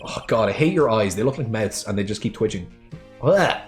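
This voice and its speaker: A man's voice: fairly low pitch, lively intonation, fairly quick, soft background music. Grumbling man commenting on a game. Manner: grumbling, profane. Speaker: game player. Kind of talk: playthrough commentary.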